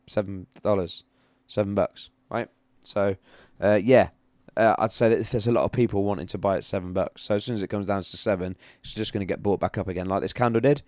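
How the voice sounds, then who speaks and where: Male streamer, chatty and rambling, lowish voice, close and dry. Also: a little mellow, dry recording. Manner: chatty, rambling, repeats himself. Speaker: livestream host. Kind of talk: casual live-stream chat with chart analysis.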